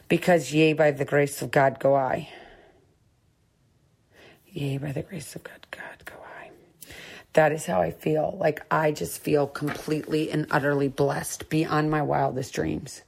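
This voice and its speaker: A middle-aged woman hosts a sobriety podcast in a deep voice with vocal fry. Her candid personal monologue is earnest and encouraging, and she keeps coming back to the same points.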